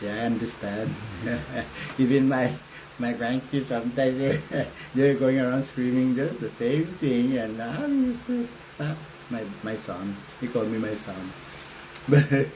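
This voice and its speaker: A man's voice: medium pitch, noisy background. Rambling older man on a livestream. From Northern Mariana Islands. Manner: rambling, halting, frequent fillers and laughs. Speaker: political commentary livestreamer. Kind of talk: casual livestream talk. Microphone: phone or webcam livestream.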